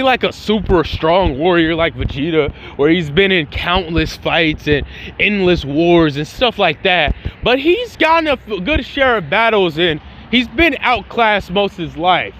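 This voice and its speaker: A man with a notably high voice tells a fan story in a loose, casual way. He talks in slang and stays animated, dropping in mouth-made fight sounds as he goes. Traffic noise hums faintly outside. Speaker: fan channel host.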